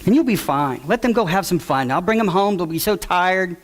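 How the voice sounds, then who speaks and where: Brief: a sly, persuasive man, soothing and falsely concerned, pitched up high, as a speaker mimics him. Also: expressive, brisk, rough recording. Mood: coaxing. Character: smooth-talking manipulative man, coaxing and falsely caring.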